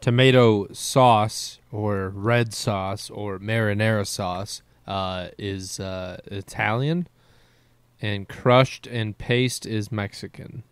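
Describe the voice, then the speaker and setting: Lowish smooth-voiced guy on a podcast, teasing his buddy, dry close mic. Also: steady tone, slow, dry recording. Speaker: podcast co-host. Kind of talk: casual chat.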